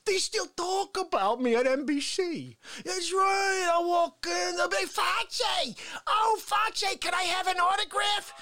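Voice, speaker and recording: A woman voicing a brash, egotistical mustached male show host in a comedic sketch, talking loud and mock-threatening. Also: extremely high pitch, unhurried, hardly any pauses. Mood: blustering.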